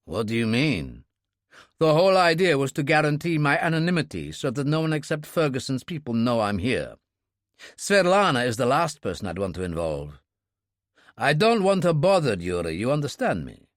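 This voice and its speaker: A man's voice: mid-range voice, big pitch swings, moderate pace, no room sound, studio quality, natural voice. A man voicing a cold, calculating male Russian agent who speaks curtly and with control.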